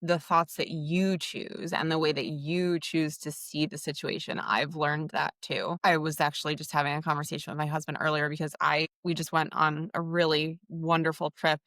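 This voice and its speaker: A woman's voice: low-pitched, flat delivery, moderate pace, few pauses, fairly bright tone, no echo, clean studio sound. A woman hosting a podcast interview, talking frankly and expressively and acting out the exchanges she describes. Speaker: podcast host. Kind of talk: candid conversational interview.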